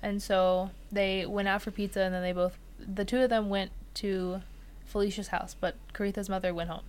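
A woman's voice: medium pitch, normal speed. A young woman casually recounting a true crime case as a podcast co-host, loose and filler-heavy. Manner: relaxed, filler-heavy telling with frequent "like" and "uh".

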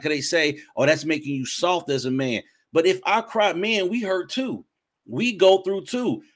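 A man in his forties hosting a faith interview, talking in an earnest, preacherly way and often repeating himself. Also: a little high. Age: 40s. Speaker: interview host. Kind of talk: casual interview chat.

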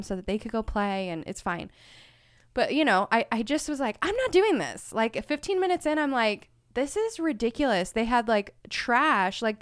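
A woman's voice: on the high side, a bit bright, clear, resonant tone, no room sound, clean studio sound. A woman co-hosting a casual podcast chat, telling stories about her kids in a rambling way. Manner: rambling storyteller, many "like" fillers. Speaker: podcast co-host.

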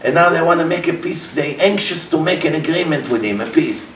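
A man gives a lively Torah class and acts out the dialogues as he goes, often dropping verb endings. His voice sits a little high and is caught from a distance. Faint noise hangs in the roomy space. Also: brisk. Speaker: religious teacher.

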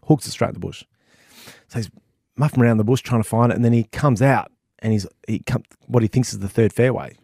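Lively Australian podcast co-host, dry close sound, mid pitch. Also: male voice, brisk, vocal fry, dry recording. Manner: lively, hyped-up storyteller. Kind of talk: casual chat, joke telling.

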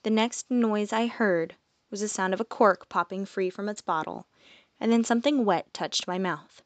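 Woman narrating a fantasy story, soft-spoken. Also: mid-range voice, normal speed, dry recording. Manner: soft, drops quiet on reflective lines. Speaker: audiobook narrator. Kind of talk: first-person storybook narration.

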